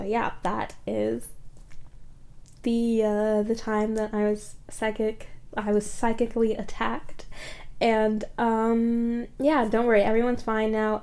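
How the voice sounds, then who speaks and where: A woman's voice: medium pitch, a little mellow. A woman vlogger telling a story in a casual, rambling way, full of "like" fillers and blunt swearing.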